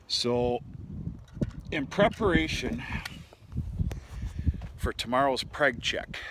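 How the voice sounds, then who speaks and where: A man running a cattle farm, talking through his chores in a casual, rambling, folksy way with the odd curse. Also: mid-range voice. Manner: folksy, rambling, with frequent restarts and mild cursing. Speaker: cattle farmer. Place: outdoors in a farm feedlot. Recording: noisy outdoor recording.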